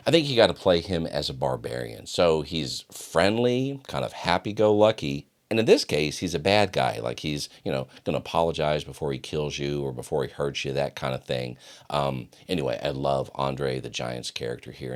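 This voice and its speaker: A man's voice: a bass voice, vocal fry. A man hosting a solo podcast, talking casually and enthusiastically, rambling with fillers and restarts. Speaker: podcast host.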